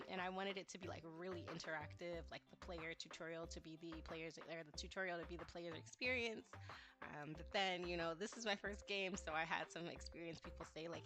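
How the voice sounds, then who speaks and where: A woman's voice: fairly low pitch, normal speed. Woman dev talking thru her game, lots of likes and ums, music playing under her. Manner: chatty, heavy use of "like" and "um". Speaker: indie game developer. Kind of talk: casual walkthrough talk.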